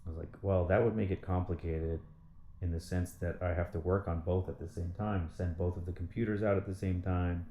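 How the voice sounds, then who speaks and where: A man's voice: deep voice, fairly even intonation, a little fast, warm tone, roomy sound, a little hiss or hum. A man talking in a casual monologue, rambling and swearing as he rants in frustration. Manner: rambling, profane, frustrated ranting. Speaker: vlogger.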